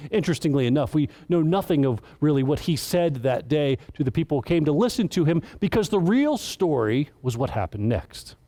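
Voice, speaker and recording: A man's voice: fairly high pitch, animated, fairly quick, hardly any pauses, mellow. A man giving a casual, earnest sermon as director of children's ministry, stumbling and restarting as he tells the story.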